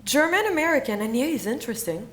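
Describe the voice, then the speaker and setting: A woman's voice: sits high, big pitch swings, fast, fairly bright tone. A woman playing a pleading teenage daughter. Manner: whiny, pleading. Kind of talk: stage play acting.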